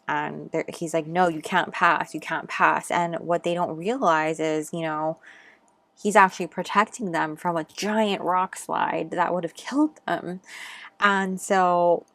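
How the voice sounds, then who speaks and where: A woman's voice: lowish voice, fairly even intonation, a little slow, dry recording. A woman giving a casual, intuitive tarot reading, chatty and rambling with lots of fillers, a little out of breath. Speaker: tarot reader.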